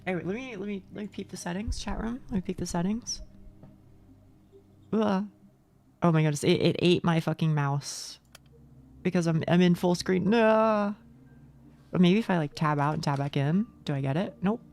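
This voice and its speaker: A young woman streaming a game live, chatty and excitable, swearing freely and reading out chat. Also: on the low side, normal speed, pauses often.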